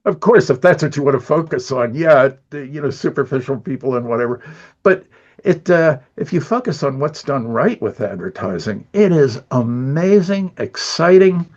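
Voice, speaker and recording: A man's voice: mid-range voice, animated, moderate pace, darkish tone, lo-fi sound. An older man who is an animator, chatting as an interview guest, telling rambling stories with lots of chuckles. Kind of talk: casual storytelling chat.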